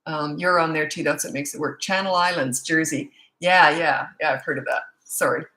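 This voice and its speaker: A woman's voice: deep voice, fairly even intonation, moderate pace, sharp tone, rough recording. A woman with a Canadian accent, a parenting coach, chatting frankly with viewers on a live-stream Q&A and greeting them by where they are. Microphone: own set-up microphone.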